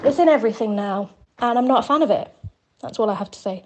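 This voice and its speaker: A woman's voice: a little high, lively intonation, quick pace, darkish tone, dull audio. A woman leaving a chatty, rambling voicemail for a podcast while slightly out of breath. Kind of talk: casual voicemail.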